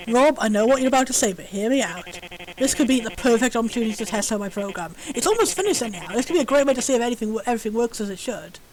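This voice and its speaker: A woman reading the lines of an earnest lab scientist who rushes through a pleading explanation. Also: fairly high pitch, lively intonation, a little mellow, voice pushed down, close to an everyday voice, poor audio.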